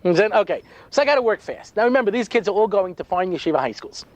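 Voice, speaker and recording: A man's voice: high-pitched, animated, fast, lo-fi sound. A man speaking as a rabbi, telling stories with wry sarcasm and lots of asides in a humorous lecture.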